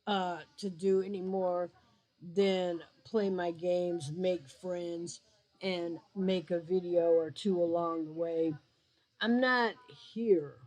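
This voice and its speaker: A woman's voice: on the low side, a little mellow, rough recording. A woman vlogger and gamer giving her blunt, emphatic opinion to her viewers, with mocking asides. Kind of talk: frank opinion vlog.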